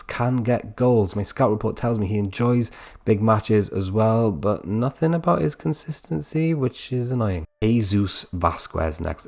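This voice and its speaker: Deep-voiced Welsh man hosting game videos. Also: a little mellow. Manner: chatty, rattles off stats, keeps asking "right?". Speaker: gaming channel host. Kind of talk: casual game commentary voice-over.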